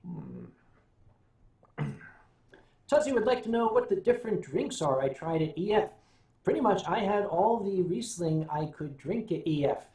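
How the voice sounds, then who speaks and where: A man's voice: sits high, wildly swooping pitch, unhurried, long pauses, mellow. An older American man hosting a casual livestream. He tells rambling, wry stories, hums to himself between thoughts, and answers viewers' questions. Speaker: livestream host. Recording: roomy echo.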